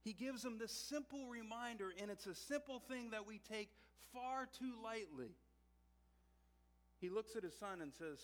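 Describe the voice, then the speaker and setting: A man's voice: high-pitched, animated, moderate pace, fairly bright tone. A man preaching a sermon as pastor, telling a personal story in a conversational way, often repeating and restarting words. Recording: long hall reverb.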